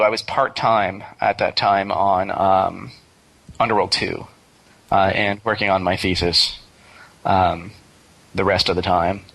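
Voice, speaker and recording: A middle-aged man talking as the guest in a casual interview, relaxed and hesitant, with many fillers and restarts. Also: mid-range voice, poor audio. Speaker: interview guest, game developer.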